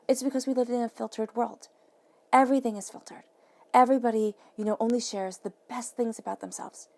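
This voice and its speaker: A woman giving an earnest, encouraging tarot reading straight to the viewer, sometimes dropping to a soft whisper. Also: fairly high pitch, fairly even intonation, fast, vocal fry. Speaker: tarot reader.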